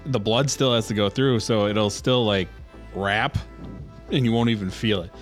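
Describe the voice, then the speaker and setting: A man's voice: on the low side, normal speed, soft background music. A man co-hosting a podcast, telling crude stories in casual chat, full of swearing and acted-out quotes. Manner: profane, animated storytelling. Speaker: podcast co-host.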